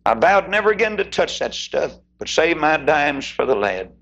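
An older man preaching a sermon, swinging between loud high peaks and hushed low passages. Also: sing-song, normal speed, gravelly. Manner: preaching with sudden swoops in pitch and loudness, shouting at peaks.

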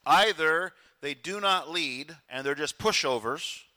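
A man's voice: a little high, unhurried, sharp tone. A male pastor preaching a sermon in an emphatic, conversational way, with asides to the congregation.

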